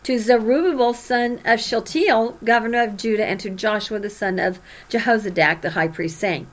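A woman's voice: on the high side, moderate pace, hardly any pauses. A woman teaching from the Bible, reading scripture aloud and explaining it with dramatic emphasis. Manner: animated, dramatic emphasis when reading prophets' cries.

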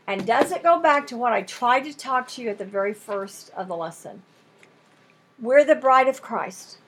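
A woman's voice: a little high, slightly rough. A woman teaching a Bible lesson in an earnest, emphatic way, using folksy turns of phrase and building intensity as she makes her points.

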